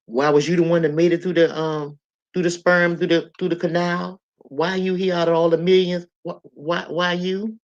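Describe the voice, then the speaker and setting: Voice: medium pitch, dull audio. A livestream host in casual talk with chat viewers who gives preachy life advice and repeats phrases for emphasis. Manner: bright, lively greetings to chat viewers.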